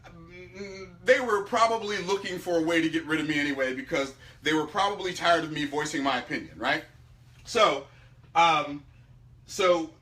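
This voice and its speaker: High, bright-voiced emphatic man. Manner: emphatic, swings between loud outbursts and low asides. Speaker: speaker teaching about money. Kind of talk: animated storytelling talk.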